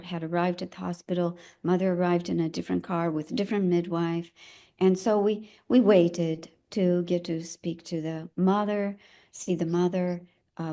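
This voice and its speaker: An older woman, an elder midwife, telling her own story in a conversation, reflective and halting as she searches for her words. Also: fairly low pitch, darkish tone.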